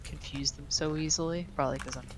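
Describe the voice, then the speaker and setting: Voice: mid-range voice, steady tone, fast talker, slight background noise. A gamer chatting casually and self-deprecatingly about accents. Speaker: gamer in voice chat. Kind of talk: casual chat.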